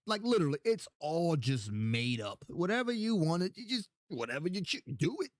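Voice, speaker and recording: Young man, tipsy, casual livestream host, rambling, swears, repeats himself, very animated pitch, dry close sound. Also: normal speed, no echo. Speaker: livestream host answering chat questions.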